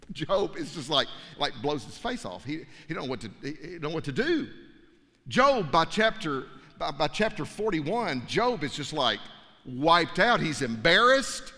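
A man preaching a sermon, telling a story with animated energy and stumbling repeats. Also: on the high side, unhurried. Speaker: pastor. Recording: long hall reverb.

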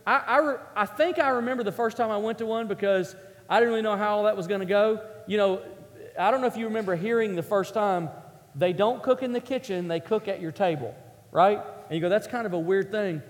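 Man, pastor, storytelling sermon, chatty, jokes at his own expense, quite high voice, reverberant hall. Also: a little fast. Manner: chatty, self-mocking, asks the audience questions. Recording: echoey hall with long reverb.

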